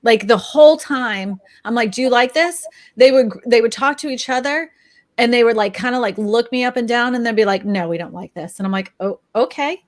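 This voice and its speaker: A woman's voice: fairly high pitch, a little fast, no echo. A woman in her thirties co-hosting a casual chat, telling stories and acting out what people said. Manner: animated storyteller, acts out quotes. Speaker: real estate agent, co-host.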